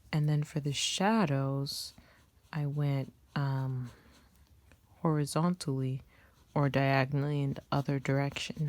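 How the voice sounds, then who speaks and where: A woman casually talking through her drawing process, chatty and sometimes dropping to a soft near-whisper. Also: low voice, vocal fry, no room sound. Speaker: art vlogger. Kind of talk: casual narrated drawing tutorial.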